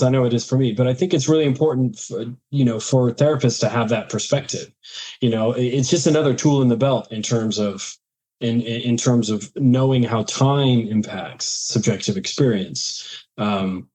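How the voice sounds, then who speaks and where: A man's voice: mid-range voice, a little mellow. A man hosting a podcast interview, answering with eager affirmations and asking long, rambling questions full of restarts. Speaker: podcast host. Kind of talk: casual interview chat.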